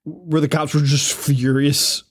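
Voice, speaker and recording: A man's voice: on the high side, level tone, a little slow, slightly rough. A man co-hosting a podcast, chatting casually about a movie, chuckling and chiming in with short agreements. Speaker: podcast co-host. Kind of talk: casual chat recapping a movie.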